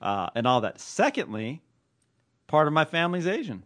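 A playful man co-hosting a chatty podcast, his voice pitched a bit high and swooping up and down a lot as he teases his partner. His talk is loose and unscripted. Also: very animated, moderate pace, a bit bright. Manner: playful, teasing banter. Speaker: podcast co-host. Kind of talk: casual chat.

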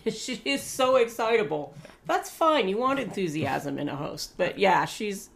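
A woman co-hosting a casual podcast chat, cutting in with quick, blunt remarks. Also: mid-range voice, big pitch swings, gravelly. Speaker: podcast co-host. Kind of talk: casual chat recapping TV shows.

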